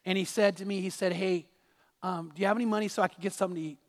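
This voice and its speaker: A man's voice: sits high, steady tone, very fast, big-room sound. A man preaching a sermon as pastor, telling a personal story with restarts and repeated words.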